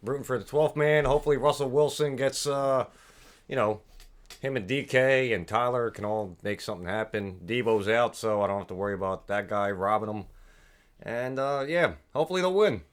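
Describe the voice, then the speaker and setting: A man in casual sports chat, laid-back and jokey, quick to tease the others. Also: medium pitch, smooth. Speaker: podcast co-host.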